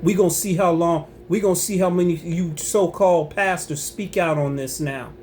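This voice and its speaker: A man's voice: on the high side, normal speed, a little mellow, slight background noise. A man giving impassioned religious commentary on his own channel, emphatic and preachy, repeating himself and breaking into angry rising outbursts.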